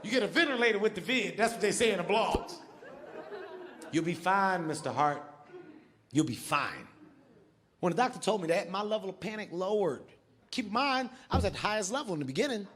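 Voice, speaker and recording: A man performing a stand-up comedy set, loud and animated, shouting his punchlines. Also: high voice, quick pace.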